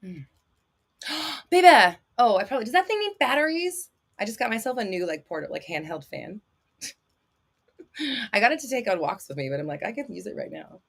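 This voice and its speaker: A woman hosting a live stream as a manifestation coach, talking bluntly and sassily with plenty of swearing, sometimes flaring into a shout and then laughing it off. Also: medium pitch, sing-song, a little fast, long pauses, husky. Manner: blunt, profane and sassy. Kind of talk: live-stream advice talk.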